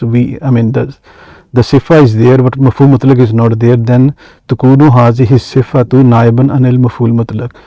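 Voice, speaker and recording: A man's voice: medium pitch, mellow, no room sound, rough recording. A man teaching an Arabic grammar lesson, reading Arabic phrases and then explaining each one in English with frequent hesitations.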